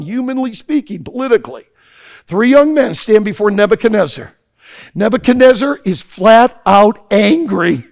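A man preaching an impassioned sermon to young people, swinging from hushed tones to shouting. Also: high-pitched, creaky. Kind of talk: sermon to a youth audience.

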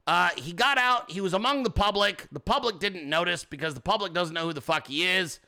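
A man's voice: sits high, fairly quick, sharp tone. A man hosting a ranting commentary show, profane and mocking, with a sarcastic edge. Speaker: host.

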